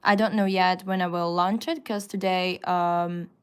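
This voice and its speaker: Slow-paced woman teaching on a live stream. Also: on the low side, steady tone, clean tone. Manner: slow, patient explaining with frequent fillers. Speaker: Russian language teacher. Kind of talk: live-stream language lesson. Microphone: phone.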